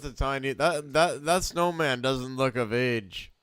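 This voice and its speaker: A laid-back man watching hockey with a friend, dropping dry, wry comebacks. His voice is smooth and clear, in a middle register. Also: mid-range voice, measured pace, a bit bright, dry recording. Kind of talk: casual chat while watching hockey.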